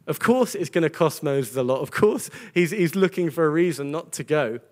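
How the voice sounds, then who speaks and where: A man's voice: fairly high pitch, animated, normal speed, a little mellow. A man preaching a sermon to a congregation, earnest and conversational, often repeating words as he goes. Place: church gathering with a congregation.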